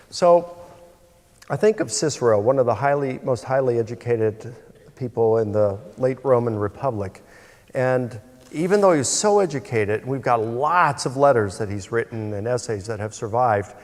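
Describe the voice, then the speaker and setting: A man in a debate questioning his opponent in a conversational way with hesitations. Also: medium pitch. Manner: conversational, with fillers and restarts. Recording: echoey hall.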